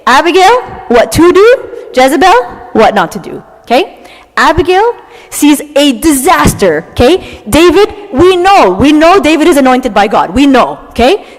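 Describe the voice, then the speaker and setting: A young woman giving an animated, dramatic talk to a church audience, often tagging her lines with "okay?". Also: sits high. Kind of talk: lively talk to a live audience. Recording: long hall reverb.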